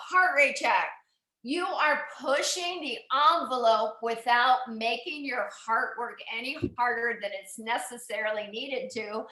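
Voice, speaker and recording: A woman's voice: high-pitched, bright, forceful tone. Upbeat woman cycling coach, echoey room. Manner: upbeat, encouraging, calls out numbers. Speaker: cycling instructor. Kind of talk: coaching an indoor cycling class.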